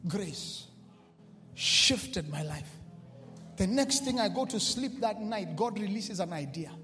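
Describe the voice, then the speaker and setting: A man preaching a sermon, shifting from quiet storytelling to shouted, repeated declarations with call-and-response. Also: high voice, expressive, slow. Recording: reverberant hall with music behind.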